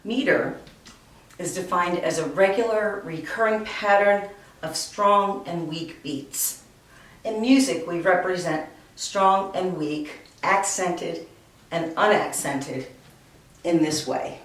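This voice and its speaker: A woman teaches music, explaining things slowly and carefully and counting beats out loud. Her voice sits a little low and comes from some distance from the mic, in a room with heavy echo. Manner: slow, deliberate explaining, counting beats aloud. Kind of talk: recorded classroom lesson. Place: room with a piano. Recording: very echoey room, voice away from mic.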